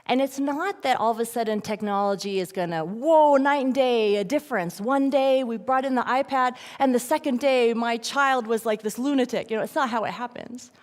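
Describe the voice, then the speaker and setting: A middle-aged woman gives an animated talk to parents at a church event and acts out the voices in her quotes. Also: fairly high pitch, moderate pace, hardly any pauses. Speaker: guest speaker at a church event. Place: large church hall. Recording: long reverb from a church hall.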